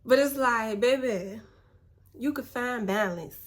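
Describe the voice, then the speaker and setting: A woman's voice: on the high side, slow pace, slight background noise. Laid-back young woman giving spiritual pep talk. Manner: laid-back, slangy, spiritual encouragement, calls viewers "baby". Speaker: vlogger. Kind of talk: casual motivational chat.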